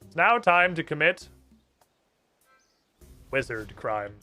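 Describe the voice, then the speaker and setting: A man's voice: a little high, big pitch swings, takes it slowly, sharp tone, soft background music. A man streaming a game, chatting casually, swearing often and reading the dialogue aloud. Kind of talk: casual gameplay commentary.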